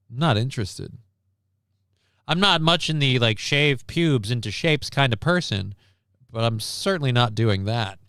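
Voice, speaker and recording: A man's voice: mid-range voice, a bit bright, no echo. A man hosting a casual live stream, rambling and wry with crude asides, reading out and thanking viewers. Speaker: stream host.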